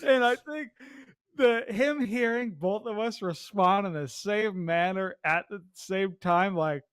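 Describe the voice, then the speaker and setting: A man's voice: high-pitched, measured pace, fairly bright tone, clear, resonant tone, no echo, studio quality. A young man co-hosting a podcast, telling a gaming story casually with lots of swearing and filler words. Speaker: podcast co-host.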